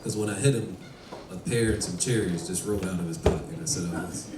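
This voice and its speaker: A man doing a stand-up set with a dry, quick delivery. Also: low-pitched. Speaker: stand-up comedian. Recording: roomy, distant, faint noise.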